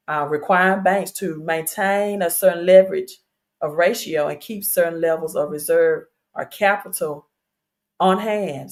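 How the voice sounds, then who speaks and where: Lady on a crypto livestream, lowish voice, chatty and pushy, lots of um's. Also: darkish tone. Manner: talks straight to viewers, chatty and insistent, with fillers. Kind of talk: casual livestream explainer. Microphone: streaming setup.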